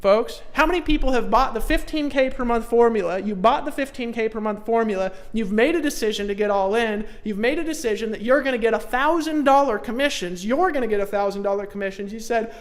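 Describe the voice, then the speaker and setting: Folksy man pushing a live-stream sales pitch. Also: fairly quick, few pauses. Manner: emphatic, repetitive, folksy, pushes the audience to commit. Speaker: online marketing trainer hosting a live stream.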